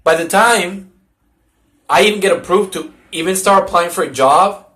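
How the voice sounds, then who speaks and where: A man's voice: sits high, moderate pace, fairly bright tone. A young man crying as he rambles through an emotional personal monologue, pleading and repeating himself. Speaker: vlogger.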